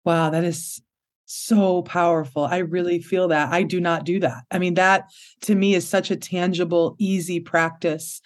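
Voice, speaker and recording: A woman's voice: fairly low pitch, little pitch movement, normal speed. Reflective woman podcast host. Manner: open and reflective, with short affirmations. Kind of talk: casual podcast conversation.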